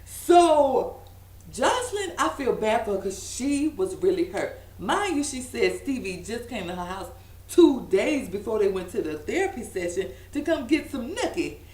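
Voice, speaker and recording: A woman's voice: fairly high pitch, normal speed, far from the mic. A woman recapping a reality TV episode in casual, gossipy chat, laughing and acting out what people said. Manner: animated, gossipy, laughing asides, acts out quotes. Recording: roomy echo, a bit off-mic.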